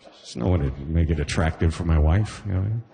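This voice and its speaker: A man's voice: low voice, fast talker, creaky, dark tone, slight background noise. A Caribbean man with a Trinidadian accent performing a chatty stand-up comedy set on a club stage. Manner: chatty, peppered with "you know what I mean".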